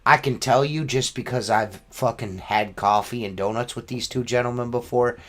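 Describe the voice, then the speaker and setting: A man's voice: medium pitch, normal speed, fairly bright tone. Rambling, profane man chatting. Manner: rambling, profane, full of fillers like "you know what I mean". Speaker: window cleaning business owner. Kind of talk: casual podcast chat.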